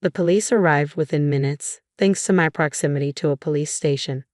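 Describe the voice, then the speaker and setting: A woman with a notably low voice narrates a first-person story in an even, measured way. The recording is dry and close, with no room sound around her. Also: no echo.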